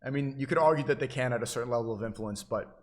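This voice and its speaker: A man's voice: mid-range voice, racing. A man livestreaming, giving an insistent, preachy monologue to his chat, often repeating and restarting his phrases.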